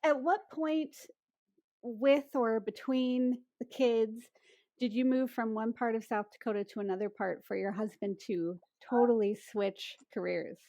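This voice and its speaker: A woman hosting a podcast, asking gentle questions and affirming her guest. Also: a little high, a little slow, no room sound, dull audio. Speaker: podcast host. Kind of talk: casual interview.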